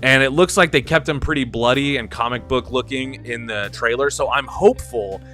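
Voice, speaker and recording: A chatty man hosts a stream with a bright, forceful voice, and faint music plays underneath. He talks in an animated way, laughs often and trips over repeated words. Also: medium pitch, moderate pace. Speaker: host of a live stream. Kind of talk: casual stream commentary.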